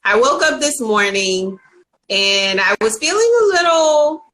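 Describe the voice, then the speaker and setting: A woman's voice: on the high side, lively intonation, measured pace, fairly bright tone, poor audio. A woman hosting a casual live video interview, telling stories earnestly and acting out the voices in them. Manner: earnest storytelling, acts out voices with animation. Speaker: host of a live interview show.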